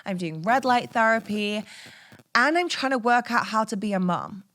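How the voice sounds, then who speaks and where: A woman's voice: fairly high pitch, normal speed, fairly bright tone. Woman in her thirties, podcast host; frank, chatty personal storyteller who laughs easily. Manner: frank and chatty, swears casually, laughs often.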